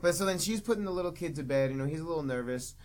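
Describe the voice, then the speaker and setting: A man's voice: fairly high pitch, expressive, racing. A man with a somewhat raised voice talks through a film plot in an easygoing, rambling way. He fills his sentences with "like" and "yeah." He sounds like a friend chatting on a podcast. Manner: laid-back, lots of "like" and "yeah". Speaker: podcast co-host. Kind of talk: casual movie-review chat.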